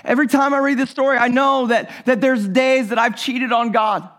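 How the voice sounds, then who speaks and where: Earnest high-voiced male preacher. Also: steady tone, moderate pace. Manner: earnest, repeats words, drops to a soft low voice for tender moments. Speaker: pastor. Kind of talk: sermon.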